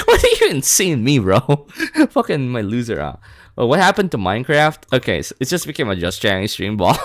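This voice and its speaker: Brief: man, casual streamer banter, lively swings in pitch, mid-height voice. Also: brisk. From Philippines. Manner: animated, laughs often, swears casually, says bro a lot. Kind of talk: casual live-stream chat.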